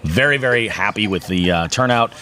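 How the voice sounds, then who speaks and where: A man's voice: on the low side, fairly quick, background noise. A man hosting a fishing podcast in casual chat, rambling along with many fillers and restarts.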